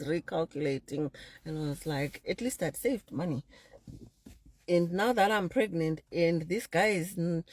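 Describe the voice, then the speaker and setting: A woman with a lowish, husky voice recounts her own story in a dry, close sound. She talks straight to her listeners and slips into the voices of the people she quotes. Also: dry recording. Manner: animated storyteller who acts out quoted people; addresses the audience directly. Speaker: speaker sharing a personal story. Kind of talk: personal storytelling talk.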